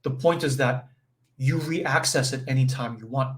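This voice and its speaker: A man's voice: medium pitch, moderate pace. A man leading an informal spiritual teaching session, talking conversationally with frequent fillers and "right?" check-ins. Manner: acts out brief quoted voices with chuckles.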